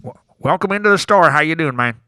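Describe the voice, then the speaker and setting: A man imitating a friendly small-town Oklahoma store clerk who speaks in a slow Southern drawl. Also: on the high side, animated, pushed and bright, smooth, dry recording, studio quality. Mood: easygoing welcome. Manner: slow, easygoing, welcoming.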